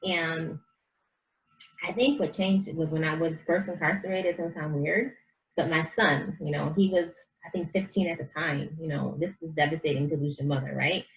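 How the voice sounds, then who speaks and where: A woman with a fairly low voice speaks as a guest in a casual interview. She is a life coach, earnest and animated, and she acts out the voices of people in her stories. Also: moderate pace, low-quality recording.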